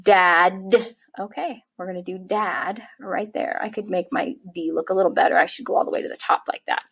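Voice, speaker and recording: A woman teaching a kindergarten writing lesson, encouraging and spelling words out slowly for young children. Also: on the low side, fairly even intonation, creaky, breathy edge, muffled recording. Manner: warm, encouraging, slow-spelling teacher talk. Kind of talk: early-years writing lesson.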